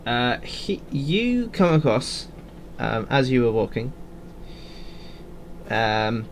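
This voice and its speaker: A man's voice: mid-range voice, sing-song, slow pace, slight background noise. A man narrating as game master on a voice call, hesitant and full of fillers, often laughing. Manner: hesitant, many fillers, giggly. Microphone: headset or desk mic on a call.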